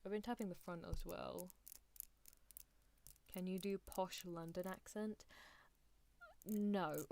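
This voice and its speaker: A woman chatting on an ASMR stream in a soft, rambling way, laughing lightly at herself. Her voice sits low and sounds dark and mellow. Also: steady tone, takes it slowly, creaky, long pauses. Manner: rambling, giggly, self-deprecating.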